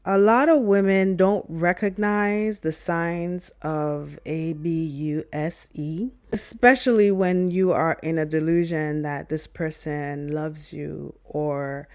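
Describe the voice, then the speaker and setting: A woman giving a measured, cautionary talk in an advice video. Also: deep voice, a little mellow, smooth. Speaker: social media commentator.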